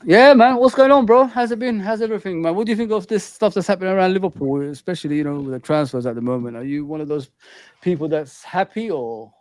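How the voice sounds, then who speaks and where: A man's voice: sits high, quick pace. Chatty male football-show host. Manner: chatty, says "man" and "bro" a lot. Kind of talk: casual football chat.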